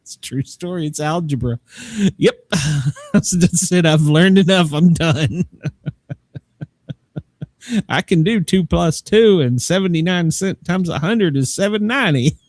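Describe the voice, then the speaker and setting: A man's voice: a little high, lively intonation, unhurried, long pauses, darkish tone, no echo. A man hosting a podcast, chatting casually, rambling and joking with frequent laughs. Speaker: podcast host. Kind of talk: casual chat.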